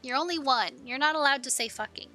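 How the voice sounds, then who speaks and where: A woman's voice: high-pitched, fast talker, bright, forceful tone, faint music behind. A young woman streamer chatting with jokes and swearing during live game commentary. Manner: joking, swearing, giggly asides.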